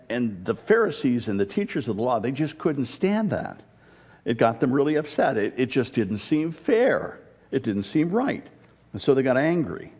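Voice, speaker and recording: A man's voice: medium pitch, a little mellow, in a large hall. A man preaching a sermon, reading scripture aloud and then explaining it plainly, with occasional fillers.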